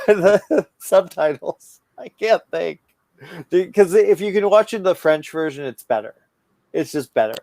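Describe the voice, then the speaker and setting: A man's voice: sits high, animated, measured pace, dark tone, no room sound. A man co-hosting a casual podcast chat, rambling and swearing a lot, stoned and stumbling over his words. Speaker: podcast co-host.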